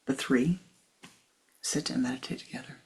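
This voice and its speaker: A woman spiritual teacher telling a story in a sermon, hushed and dramatic, often sliding into a whisper. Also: rumbling low, moderate pace.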